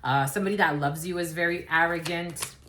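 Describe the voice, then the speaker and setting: A woman's voice: on the low side, brisk, bright, forceful tone, a little hiss or hum. A woman giving a collective tarot reading to camera, blunt and rambling, swearing freely and laughing often. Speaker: tarot card reader.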